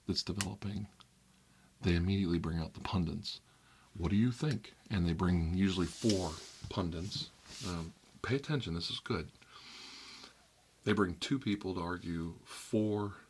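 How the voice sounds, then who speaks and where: A man hosting an ASMR video, talking in a wry, conversational way that drifts between soft whispers and emphatic bursts. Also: low voice, slight background noise. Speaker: ASMR channel host. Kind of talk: soft-spoken ASMR rant about news media.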